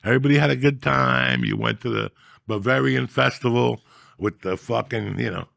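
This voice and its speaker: Gravelly, profane man ranting loudly. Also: medium pitch, moderate pace, no room sound, clean studio sound. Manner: profane, loud, animated storytelling. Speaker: podcast host. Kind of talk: casual comedic rant.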